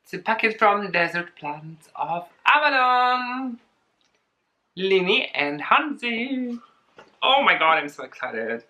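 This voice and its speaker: A woman talking casually in a home unboxing vlog, excitable and giggly, gushing over what she opens. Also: medium pitch, slow. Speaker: plant vlogger.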